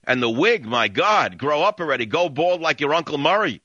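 Sardonic talk-radio host man, lively. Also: fairly high pitch, normal speed, dry recording, dull audio. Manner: opinionated, rambling, sardonic. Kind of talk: talk radio monologue and call-in. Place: radio studio. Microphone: studio microphone.

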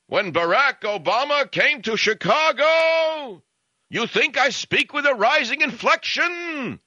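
A man mocking a pompous male political orator who shouts and speaks with a rising, preachy inflection. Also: very high voice, animated, takes it slowly, dry recording, highs cut off, voice pushed up, full character voice.

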